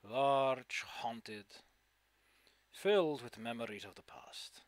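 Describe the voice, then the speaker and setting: A man voicing an aloof, cryptic quest-giver who talks in a slow, mysterious and dismissive way. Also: mid-range voice, lively intonation, no echo, pitched below the performer's own voice.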